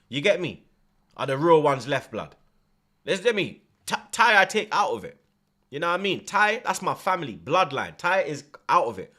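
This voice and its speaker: Young male host, lively pitch, bright edge, heated slang-heavy football rant. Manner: ranting, emphatic, London slang. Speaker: watchalong host.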